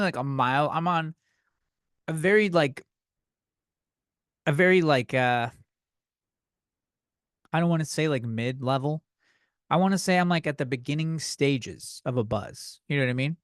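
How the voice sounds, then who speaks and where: A young man delivers a comedic podcast rant, swearing freely and working himself up as he goes. His voice sits a little high. The sound is dry and close to the mic, with no room around it. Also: animated, normal speed, long pauses, dry recording. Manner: ranting, profane, worked-up and loud at times. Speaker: podcast host.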